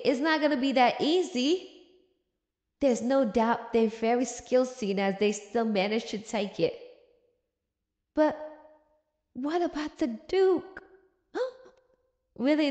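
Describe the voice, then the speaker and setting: Sassy woman recapping a comic. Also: high-pitched. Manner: sassy, laughing, slangy. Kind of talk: casual comic recap commentary. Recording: roomy echo.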